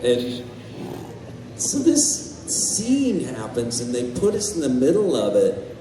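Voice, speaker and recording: Animated man telling stories in an echoey hall. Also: medium pitch, takes it slowly, noisy background. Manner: animated, swearing, laughs through his stories. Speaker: convention panel guest. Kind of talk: storytelling on a panel. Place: large convention hall. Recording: echoey hall, far from mic, faint ambience.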